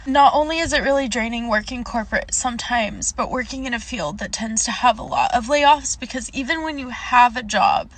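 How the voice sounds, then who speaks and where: Young woman, recruiter, candid emotional vlog talk, slightly high voice. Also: brisk, few pauses, a bit bright, a little hiss or hum. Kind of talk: personal vlog talk to camera.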